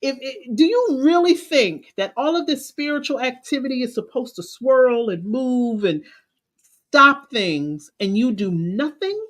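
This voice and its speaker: A woman's voice: high-pitched, lively intonation. A woman confidence coach, giving an emphatic, preachy motivational talk. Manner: preachy, emphatic, drawn-out phrasing.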